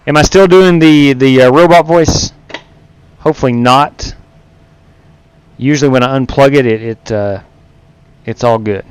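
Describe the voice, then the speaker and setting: A man's voice: mid-range voice, animated, moderate pace, long pauses, clean tone. A man streaming a sim race live, chatting casually and greeting viewers by name as he drives. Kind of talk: live stream commentary while racing.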